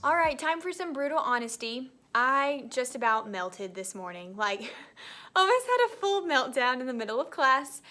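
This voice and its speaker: A woman's voice: high voice, big pitch swings, moderate pace, bright, forceful tone, soft background music. A young woman, an elementary school teacher talking in a casual, chatty vlog and laughing often.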